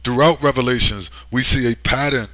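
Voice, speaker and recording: A man's voice: mid-range voice, fairly quick, bright, forceful tone, no room sound. A man delivering a preachy vlog monologue with emphasis, often asking "right?" as he speaks. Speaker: online commentator.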